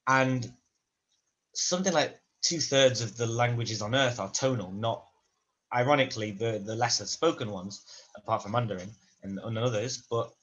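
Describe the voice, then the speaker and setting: A man talks over a video call in a casual practice conversation. His pitch sits in the middle of the male range. He rambles thoughtfully and keeps restarting his sentences as he works out his point. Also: pushed and bright, muffled recording. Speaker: language student in a conversation class.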